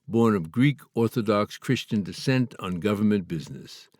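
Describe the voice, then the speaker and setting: A man from Canada reading his own memoir aloud in a measured, earnest, slightly formal way. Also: fairly low pitch, lively intonation, darkish tone, dry recording, clean studio sound. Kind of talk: memoir audiobook narration.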